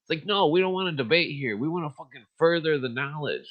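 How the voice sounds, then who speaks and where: A male podcast host talks in a blunt, profane, rambling way, full of fillers and restarts, then reads passages aloud. His voice sits at an ordinary middle pitch. The sound is a little dull and lo-fi, like a home livestream. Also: lively intonation, quick pace. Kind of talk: casual ranting and reading aloud.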